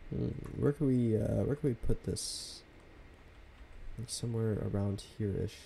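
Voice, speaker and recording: A relaxed young man streams from his home setup, talking over his building in a soft, almost whispered way. His voice sits a bit low with a dark, mellow tone, and a faint hiss of noise lingers behind it. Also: unhurried, gravelly. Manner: laid-back, soft half-whispered delivery. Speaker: game streamer. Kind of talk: casual live-stream commentary.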